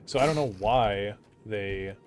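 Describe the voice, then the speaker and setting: A man's voice: lowish voice, measured pace, faint music behind. A man streaming a game, chatting casually with rambling asides while he plays. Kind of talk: casual gaming commentary.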